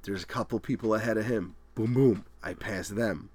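Profane, animated man telling a story. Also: fairly low pitch, normal speed, no room sound. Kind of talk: casual storytelling chat.

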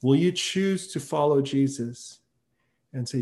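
A man's voice: medium pitch, unhurried, darkish tone. A man, a pastor, giving an earnest sermon that rises to emphatic peaks and tells stories with acted-out quotes.

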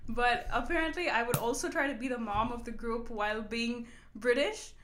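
A woman's voice: a little high, moderate pace, fairly bright tone, slight background noise. A young woman with an Indian accent, telling stories as a guest and giggling often. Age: young adult. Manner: giggly storyteller. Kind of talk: casual interview chat.

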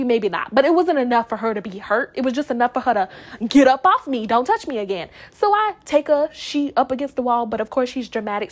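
A young woman vlogger telling a story casually, animated, acting out quoted lines and laughing often. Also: sits high.

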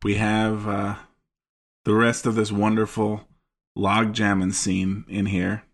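Low-voiced, musing podcast man. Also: completely flat delivery, slow pace. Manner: analytical, hesitant, searching for words. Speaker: podcast co-host. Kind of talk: casual film-discussion chat.

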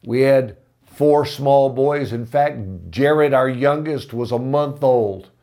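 A man's voice: mid-range voice, steady tone, takes it slowly, warm tone. A man preaching a sermon, telling a story with earnest feeling and rising to impassioned emphasis. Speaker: pastor.

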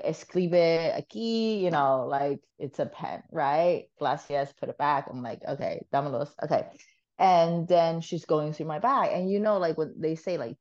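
Deep-voiced woman guest, casual and animated, salty language, muffled sound. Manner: animated, swears freely, laughs often. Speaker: podcast guest. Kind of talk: casual storytelling.

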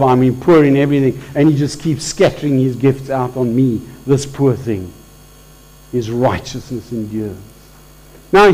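Higher-voiced man preaching a conversational sermon. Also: dark tone, rough recording. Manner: informal, repeats himself and restarts, rising to emphatic peaks. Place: church service.

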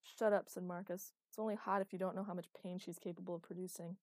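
A woman's voice: fairly low pitch, level tone, fast, a little mellow, dry recording, studio quality, lightly acted. A woman voicing a blunt, protective young man, dismissive toward his brother. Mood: dry.

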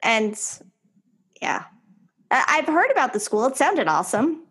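Casual podcast co-host: a woman, a bit high-pitched, teasing and quick to laugh. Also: very animated, fairly bright tone, husky. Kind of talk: casual chat.

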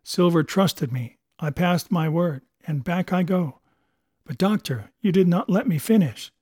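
Storybook figure: man reading as an honest, remorseful boy, firm tone, mellow voice, dry sound. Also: high-pitched, measured pace, breathy edge, no room sound. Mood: resolute. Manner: pleading yet resolute.

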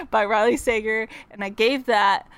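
A young woman co-hosting a podcast, chatting casually and excitedly about books she has read. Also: on the high side, smooth. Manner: bubbly, chatty, quick laughs. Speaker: podcast co-host. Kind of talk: casual book chat.

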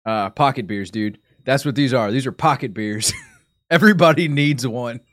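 A man's voice: medium pitch, normal speed, fairly bright tone, no echo. Rambling, chatty man with a dry mic. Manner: rambling, sidetracked, self-interrupting. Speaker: streamer. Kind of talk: casual chat.

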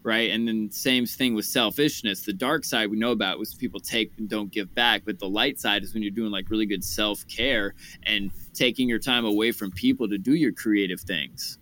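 A young man hosting a podcast, chatting casually about his festival week, with lots of "like" and lively joke-telling. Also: lowish voice, moderate pace, hardly any pauses. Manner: animated joke-telling, says "like" often. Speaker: podcast host. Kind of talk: casual storytelling chat.

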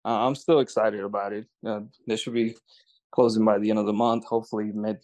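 A man's voice: lowish voice, flat delivery, brisk, darkish tone, poor audio. A man in casual talk, telling a story at an easy pace, often restarting his sentences. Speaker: land investor.

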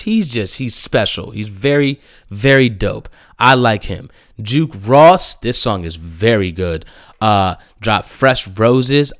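A man's voice: mid-range voice, clear, resonant tone, dry recording, clean studio sound. Blunt, profane man reviewing new music. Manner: blunt, emphatic, profane, animated outbursts. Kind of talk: casual music review monologue.

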